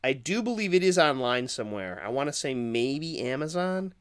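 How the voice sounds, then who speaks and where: A man's voice: mid-range voice, big pitch swings, moderate pace, crowd noise. A man co-hosting a podcast, reviewing horror films in a casual, rambling and profane way. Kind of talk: casual chat.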